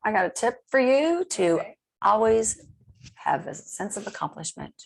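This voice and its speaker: A woman's voice: mid-range voice, sing-song, moderate pace, creaky, slight background noise. A middle-aged woman hosting a radio show, chatting and rambling in a casual way. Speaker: radio host.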